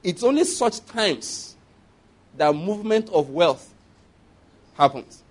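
A male preacher with a notably high voice delivers a sermon in a loose, conversational way. He throws questions back at the congregation and drifts into chatty asides. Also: expressive, takes it slowly. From Nigeria. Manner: conversational preaching with asides and laughter, call-and-response.

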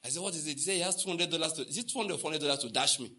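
A man's voice: fairly high pitch, racing, sharp tone. A Nigerian man preaching a sermon, telling stories and acting out the dialogue, repeating lines for emphasis and asking the congregation questions. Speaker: pastor.

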